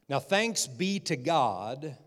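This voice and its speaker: A man's voice: medium pitch, a bit bright. A man preaching a sermon as pastor, repeating phrases and calling out for amens. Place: church sanctuary. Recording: long hall reverb.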